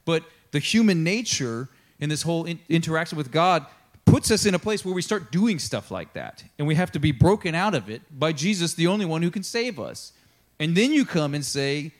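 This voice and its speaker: A man's voice: on the high side, lively intonation, a little fast. A man preaching a sermon in a casual, conversational way, acting out quotes and laughing now and then. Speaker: pastor.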